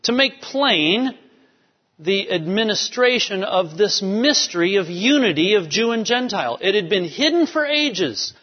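A man's voice: sits high, big pitch swings, measured pace, slightly rough. A man preaching a sermon, emphatic, driving home key phrases by repeating them. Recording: dull lo-fi sound with long hall reverb.

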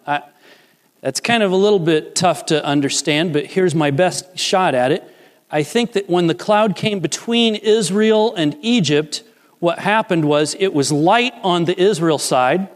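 A man preaching a sermon, animated and playful, acting out short voices of characters as he teaches. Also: fairly high pitch, slow, in a large hall. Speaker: pastor.

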